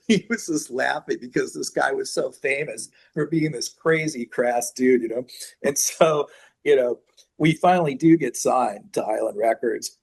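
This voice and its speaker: A middle-aged man from the Bay Area tells lively stories from his band days as an interview guest, slipping into other people's voices as he quotes them. His voice is husky and medium-pitched, and his delivery is loose and conversational. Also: moderate pace. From San Francisco Bay Area. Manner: animated anecdotes, acts out quoted voices, laughs often. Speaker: guest musician. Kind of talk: casual storytelling interview.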